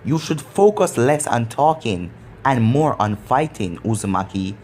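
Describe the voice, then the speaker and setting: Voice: mid-range voice, animated, unhurried, darkish tone, slight background noise, voice pushed down, natural voice. A narrator reading an arrogant, confident teenage boy ninja who talks down to his rival. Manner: confident, condescending.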